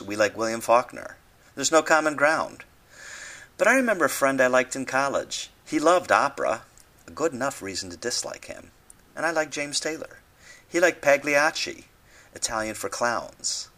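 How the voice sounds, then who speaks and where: A man's voice: mid-range voice, sharp tone. A man reading his own devotional essay aloud, with dry humorous asides and mock translations.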